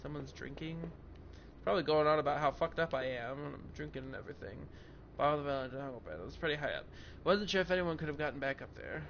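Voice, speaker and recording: A man's voice: a little high, lively intonation, fast talker, vocal fry, highs cut off, a little hiss or hum. A young man playing a horror game, reading its text aloud and swearing at it in frustration. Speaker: gaming video host. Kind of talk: horror game let's play.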